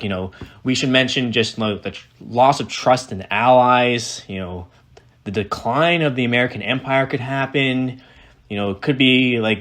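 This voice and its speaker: A man's voice: medium pitch, fairly bright tone. A man giving casual reaction commentary on a political speech, ranting in a sarcastic, profane, exasperated way.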